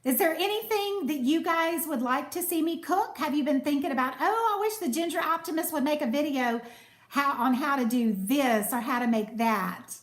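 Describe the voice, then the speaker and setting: Chatty high-voiced woman live-streaming. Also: normal speed. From United States. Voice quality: soothing voice. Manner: chatty, warm thanks to viewers, reads comments aloud. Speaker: cooking channel host. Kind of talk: casual live-stream chat. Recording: echoey room.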